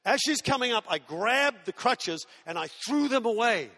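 Bright high-voiced male preacher in a hall. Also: normal speed. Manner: animated, acts out voices, self-mocking humor. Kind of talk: sermon with storytelling.

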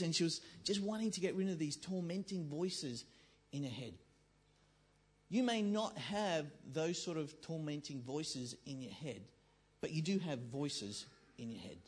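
In a husky, slightly high voice, a pastor preaches a conversational sermon at church. He trades jokes with the congregation and performs the voices inside people's heads.

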